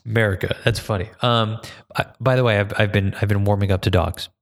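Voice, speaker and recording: A man's voice: lowish voice, steady tone, fairly quick. A man hosting a podcast in laid-back casual chat, slangy and swearing often. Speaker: podcast host. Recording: room with long reverb.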